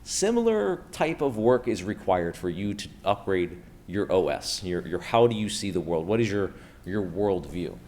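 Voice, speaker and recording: Man, keynote speaker, from Pennsylvania, deepish voice, breezy and upbeat, rhetorical questions, live conference room. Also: very animated, moderate pace, a little mellow. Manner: casual, upbeat, fires rhetorical questions at the audience.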